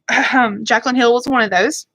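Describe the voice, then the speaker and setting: Bright, fired-up beauty vlogger woman. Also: fairly high pitch, steady tone, dry recording, low-quality recording. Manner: rambling, fired up, talks fast. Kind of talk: casual livestream chat answering viewers.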